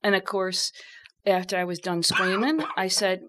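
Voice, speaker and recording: A woman's voice: mid-range voice, normal speed. Chatty woman telling bourbon stories. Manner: lively, chatty storyteller. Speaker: guest, bourbon expert. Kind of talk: casual radio chat.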